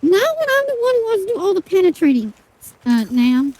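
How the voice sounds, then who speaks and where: A woman's voice: very high voice, very animated, a little fast, darkish tone, no echo, low-quality recording. A young woman streaming a game, chatting casually with viewers in a rambling, sweary way full of fillers. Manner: rambling, swears a lot, many fillers and restarts, chats to viewers. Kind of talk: casual live-stream chat while gaming.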